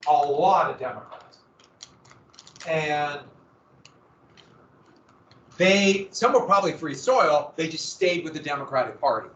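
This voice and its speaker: A man's voice: on the high side, lively intonation, unhurried, pauses often, a bit bright, a little hiss or hum. A man teaching a history lesson in a conversational way, asking rhetorical questions and correcting himself as he goes. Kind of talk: classroom lecture. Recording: roomy, dull lo-fi classroom recording.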